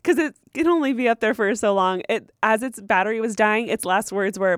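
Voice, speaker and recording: A young woman co-hosting a podcast, giggly and animated in casual chat. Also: a little high, a little slow, pauses often, clean tone, no room sound, studio quality. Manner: bubbly, giggly, animated storyteller. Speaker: podcast co-host.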